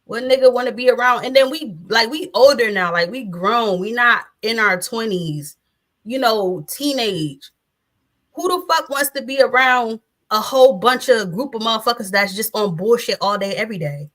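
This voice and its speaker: A woman's voice: a little high, moderate pace, fairly bright tone. A woman in her thirties talking bluntly and profanely as an interview guest, often laughing. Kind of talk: casual interview chat.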